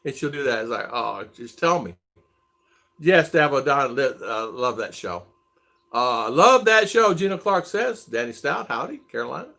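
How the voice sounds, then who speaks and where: A man's voice: medium pitch, expressive, normal speed, creaky, bright, forceful tone. A middle-aged man hosting a casual livestream chat, greeting viewers by name in a chatty way. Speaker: livestream host.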